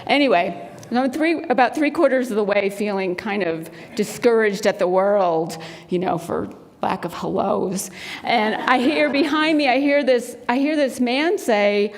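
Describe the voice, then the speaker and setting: A woman's voice: on the high side, lively intonation, unhurried, darkish tone. A woman minister giving a sermon, telling a personal story and acting out the voices of the people in it. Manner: storytelling, acts out quoted voices. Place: spiritual center sanctuary. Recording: long hall reverb.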